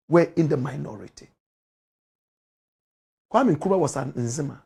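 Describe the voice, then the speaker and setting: A man's voice: high-pitched, breathy edge. A man with a Ghanaian accent hosting a commentary show, delivering a heated rant full of rhetorical questions. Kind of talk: impassioned political commentary.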